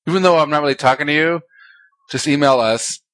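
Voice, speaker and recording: A man's voice: fairly high pitch, fairly quick, fairly bright tone. A man co-hosting a podcast in casual comedic chat, ranting with mock outrage and dropping dry, sarcastic jokes. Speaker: podcast co-host.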